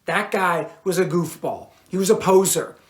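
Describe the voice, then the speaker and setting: A stubborn, self-assured rock guitarist, voiced by a man reading aloud, dropping into a low, worn-out drone as he insists. Roomy echo surrounds the storybook reading. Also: moderate pace, lightly acted. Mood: weary.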